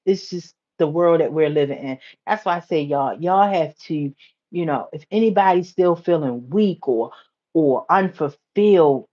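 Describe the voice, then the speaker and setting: A woman from the United States chats on a casual livestream, telling a story in a rambling way and repeating her phrases. Her voice sits a little low, and her pitch climbs when she gets excited. The sound is muffled, like lo-fi livestream audio. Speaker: livestream host.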